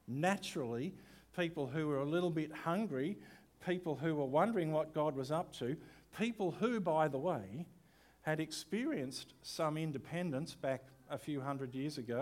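A man, a pastor giving a sermon in a conversational way with rhetorical questions. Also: fairly high pitch.

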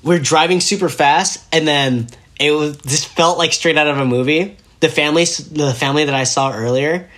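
A young man telling a story casually as a podcast guest, animated and laughing as he acts out what people said. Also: on the high side, moderate pace, few pauses.

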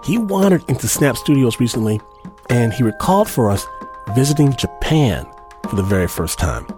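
A man hosting a radio story show, introducing a guest with a dramatic, drawn-out delivery. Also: medium pitch, sing-song. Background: music bed.

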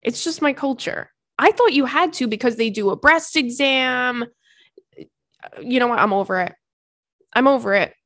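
A woman's voice: a little high, fairly bright tone, no echo. Thirtysomething woman podcaster, blunt and chatty, swears a lot, dry close mic. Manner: candid, swears freely, quick asides. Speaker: podcast host. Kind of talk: casual chat, reading listener letters.

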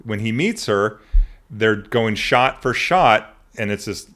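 A man's voice: fairly low pitch, expressive, takes it slowly, fairly bright tone. A man hosting a podcast, chatting casually, joking and laughing often, with frequent restarts. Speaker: podcast host. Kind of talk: casual chat.

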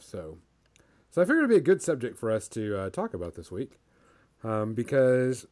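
A man's voice: mid-range voice, darkish tone. A man hosting a casual hobby podcast, talking loosely with many fillers and restarts. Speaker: podcast host.

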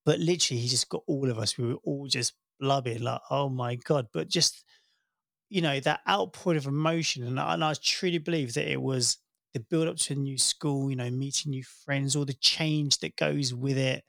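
A man in his thirties chatting casually, telling a warm family story and acting out the voices he quotes. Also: medium pitch, moderate pace, gravelly, dry recording, studio quality. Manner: warm storytelling, animated when quoting. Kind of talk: casual chat.

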